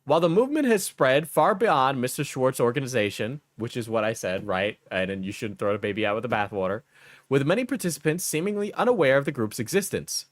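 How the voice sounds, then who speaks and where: A man's voice: mid-range voice, expressive, a little fast, dry recording. New York guy riffing on stream, mocking and crude, very dry mic. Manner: crude, mocking, talks over the video. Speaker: streamer reacting to a video. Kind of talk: casual live-stream commentary.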